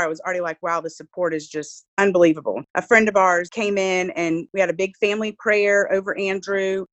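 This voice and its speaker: A woman, a mother speaking earnestly and with faith about her child's illness in an interview. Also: on the low side. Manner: heartfelt, faith-filled, earnest. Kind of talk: emotional personal interview.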